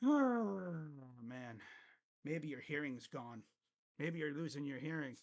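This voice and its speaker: High-voiced grumbling male sports streamer. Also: expressive, takes it slowly, dull audio. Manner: grumbling, sarcastic, swears casually. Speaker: sports livestream host. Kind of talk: casual livestream chat. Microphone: desk microphone.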